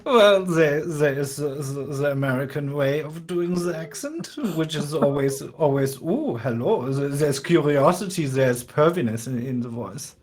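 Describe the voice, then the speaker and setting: A man's voice: a little high, a little mellow. A man playing in a tabletop game, chatting casually and often restarting his sentences. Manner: halting, repeats words while thinking. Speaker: player. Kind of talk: casual chat.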